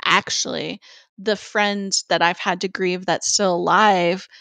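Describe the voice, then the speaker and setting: A woman's voice: lowish voice, flat delivery, measured pace, vocal fry, a bit bright, no room sound. A woman co-hosting a podcast, telling personal stories in an open, chatty way. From Georgia, US. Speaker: podcast co-host. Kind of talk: casual podcast conversation.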